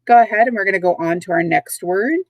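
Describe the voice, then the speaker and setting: Woman, teacher, recorded vocabulary lesson, patient, clear, repeats words, dry sound. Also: medium pitch, fast, no echo, rough recording. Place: at home, dogs nearby.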